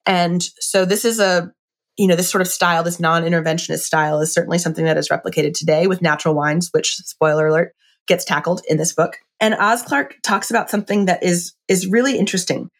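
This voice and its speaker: Woman w a lowish voice, chatty casual book review vibe, enthusiastic, lots of "like"s. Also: fairly even intonation, fairly quick. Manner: chatty and enthusiastic, with frequent "like" fillers.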